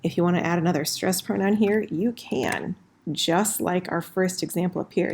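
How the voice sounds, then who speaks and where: A woman teaching a casual recorded lesson, explaining clearly and slowing down for example phrases, with keyboard typing in the background. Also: lowish voice, darkish tone, a little hiss or hum. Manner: friendly, slows down for example phrases. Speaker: French teacher.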